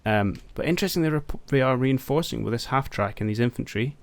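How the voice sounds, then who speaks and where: A man's voice: mid-range voice, expressive, brisk, creaky, clean tone, dry recording. A man commentating his own strategy game, thinking aloud and talking to his units. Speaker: gameplay commentator. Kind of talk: casual let's-play commentary.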